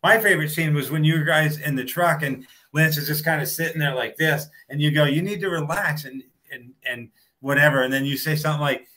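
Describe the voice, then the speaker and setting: Co-host, man, bright and eager, laughing fan energy. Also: a little high, brisk, few pauses, poor audio. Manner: enthusiastic, laughs while retelling scenes. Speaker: podcast co-host. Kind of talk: casual chat.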